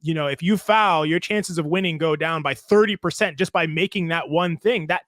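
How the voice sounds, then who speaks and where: Man, podcast co-host, basketball analyst, casual, explains step by step, slightly high voice. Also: fairly bright tone, no echo, studio quality. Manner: explains step by step, repeats phrases.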